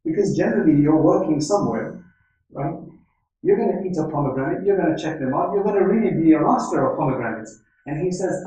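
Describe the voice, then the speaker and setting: A man with a somewhat high, mellow, expressive voice talks fast while delivering an Islamic lecture. He relies on storytelling and Arabic quotations, often asking "right?". The recording comes from an echoey hall with the speaker far from the microphone.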